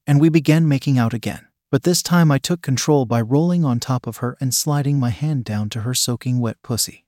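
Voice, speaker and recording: A man reading a story aloud in a steady, measured narration. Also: medium pitch, no echo, clean studio sound.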